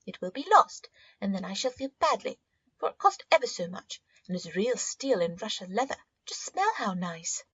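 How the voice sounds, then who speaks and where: Eager, bashful young girl voiced by a woman, husky, dry and muffled audiobook. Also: medium pitch, big pitch swings, moderate pace, a bit bright, dry recording. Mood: pleading. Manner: eager, breathless and protesting. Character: vain young girl, proud, easily flustered.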